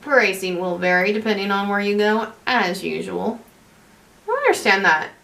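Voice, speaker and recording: A woman's voice: medium pitch, animated, moderate pace, creaky, fairly bright tone. A young woman chatting casually through a makeup tutorial, rambling and correcting herself as she goes. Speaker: beauty vlogger.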